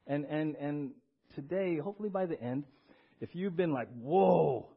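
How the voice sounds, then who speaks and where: High-voiced, husky animated pastor, a man. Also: moderate pace, phone-quality sound. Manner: animated, acts out quoted voices, asks the congregation questions. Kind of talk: sermon. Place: church sanctuary.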